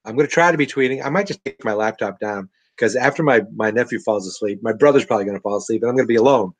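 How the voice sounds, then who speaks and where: A man's voice: fairly low pitch, fast talker, slightly rough, dry recording, low-quality recording. A man hosting a live podcast stream from home, rambling casually and joking about being a bit tipsy. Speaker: podcast host. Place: at home with family.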